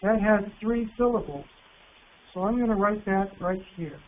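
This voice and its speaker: A man presenting an online teacher workshop, patient and encouraging, reading words out slowly. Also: high voice. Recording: tinny phone-like line with faint hiss.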